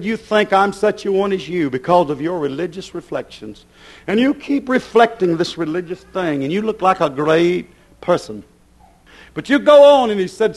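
A man preaching a fiery sermon, swinging between thundering shouts and low, intense passages.

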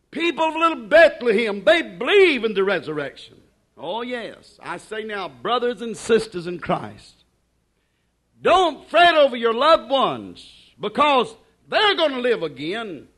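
A man preaching a sermon, fervent and drawn out, swinging between loud declarations and hushed asides. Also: very high-pitched, big pitch swings, unhurried.

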